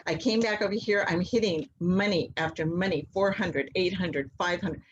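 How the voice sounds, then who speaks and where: A woman guest telling a long personal story in a casual, animated way, acting out the voices of people in it. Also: on the low side, normal speed, dull audio, slight background noise. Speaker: interview guest, mother.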